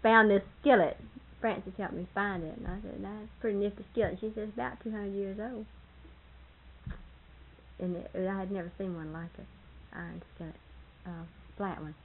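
An older woman with a husky voice, reminiscing casually about family and laughing often as she tells stories. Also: mid-range voice, fairly even intonation, normal speed, phone-quality sound, slight background noise. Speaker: storyteller in family history interview.

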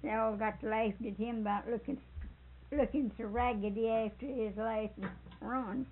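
A woman's voice: a little high, fairly even intonation, moderate pace. An older woman telling a rambling family story, chuckling and correcting herself as she goes. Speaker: storyteller interviewee. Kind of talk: folksy anecdote telling. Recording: tinny phone-like tape with faint hiss.

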